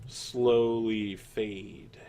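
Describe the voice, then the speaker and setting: A man narrating as game master in a relaxed, jokey way with many fillers. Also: lowish voice, very slow.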